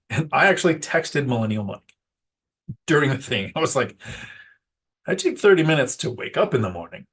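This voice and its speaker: A man's voice: mid-range voice, slightly rough. Rambling man vlogging. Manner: rambling and self-deprecating, loses his words. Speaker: real estate investor vlogger. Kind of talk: casual talking-head vlog.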